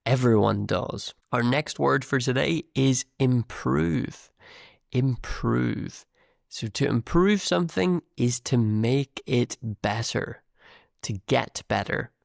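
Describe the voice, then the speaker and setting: A man's voice: mid-range voice, creaky, no room sound, clean studio sound. A man with a northern UK accent who hosts an English podcast and teaches in a patient, encouraging way, repeating words for learners. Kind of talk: slow, clear teaching talk.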